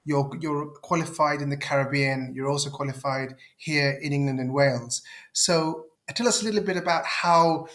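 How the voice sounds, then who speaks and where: A man's voice: on the high side, moderate pace, a bit bright. A man hosting an interview, affirming his guest and restarting his sentences with fillers. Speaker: host.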